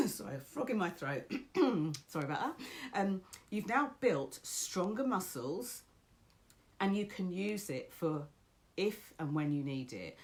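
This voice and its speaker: Woman, low and lively, chatty encouraging speaker on camera. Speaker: motivational speaker. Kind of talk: casual motivational talk.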